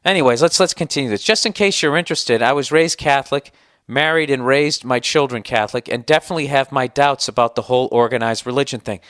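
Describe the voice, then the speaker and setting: A man's voice: medium pitch, fast talker, fairly bright tone, dry recording, studio quality. A man from the United States hosting a podcast, ranting in a sarcastic, profane and exasperated way. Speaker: podcast host. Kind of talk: comedic podcast rant.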